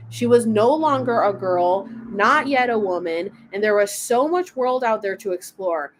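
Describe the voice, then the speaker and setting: A mid-range woman's voice runs a little slow yet hardly pauses, with slight background noise. On a casual livestream she talks with viewers, curses and laughs, and draws oracle cards to read aloud.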